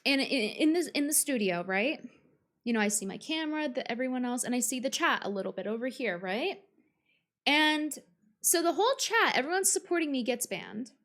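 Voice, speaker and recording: Combative, high-voiced woman ranting. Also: expressive, brisk, fairly bright tone. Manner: combative and profane, with frequent fillers and restarts. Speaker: streamer. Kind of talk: live-stream reaction rant.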